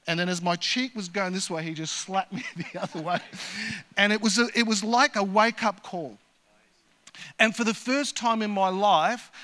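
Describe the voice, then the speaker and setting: A man in his fifties preaching a sermon at a church, moving between loud rallying calls to the congregation and quiet, personal storytelling. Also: high voice. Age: 50s. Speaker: guest preacher.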